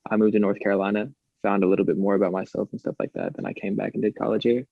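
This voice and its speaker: A young man with a light Southern American twang and a fairly low voice talks loosely, stringing thoughts together with "like" and restarts. The sound is dry and a bit dull, as on a cheap podcast mic. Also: level tone, very fast, creaky, no echo. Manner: rambling, many fillers and restarts. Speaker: podcast co-host. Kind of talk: casual chat.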